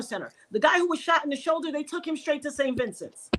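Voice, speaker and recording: Woman, podcast guest, emotional storytelling, animated, reenacts dialogue, slightly high voice. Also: quick pace. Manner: animated, reenacts dialogue with sharp pitch jumps.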